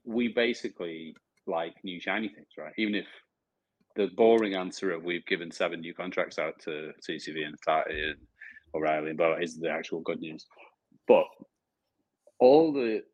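A man co-hosting a football podcast, telling animated stories and mimicking fans. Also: normal speed, no echo, lo-fi sound. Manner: animated storyteller, mimics fans in high voices, swears. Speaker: podcast co-host. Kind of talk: casual football chat.

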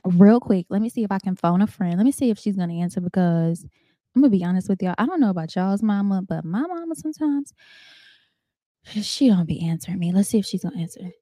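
A woman's voice: medium pitch, expressive, fast, warm tone, dry recording. A woman hosting her own podcast, telling a story in an earnest, chatty way and talking straight to her listeners. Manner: chatty, addresses listeners as "y'all"; storytelling, earnest and faith-filled. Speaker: podcast host. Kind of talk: casual heartfelt monologue.

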